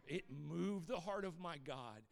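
A middle-aged man preaching in a reverberant sanctuary, his voice sitting a little high for a man. He tells a heartfelt testimony in an earnest, reserved way, often doubling words as he starts a sentence. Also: animated, unhurried, gravelly. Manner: earnest storytelling, repeats words when starting sentences, asks "Amen?"; calls himself reserved by default. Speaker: pastor. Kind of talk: sermon with personal testimony.

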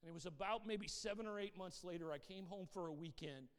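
A man's voice: sits high, a little fast, smooth, long reverb tail. A middle-aged male pastor giving a sermon with a personal testimony, telling his story earnestly, stumbling over repeated words and asking the congregation "Amen?". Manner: calls himself reserved by default.

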